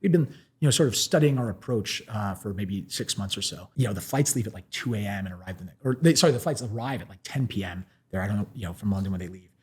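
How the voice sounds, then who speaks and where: Fast-talking husky American man. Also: lowish voice. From United States. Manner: animated, full of "like" fillers and restarts, laughs often. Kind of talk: casual anecdotal storytelling.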